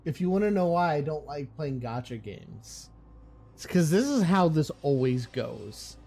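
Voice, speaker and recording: A man's voice: fairly high pitch, sing-song, a little slow, mellow. A man streaming a game, ranting with profane exasperation in casual commentary.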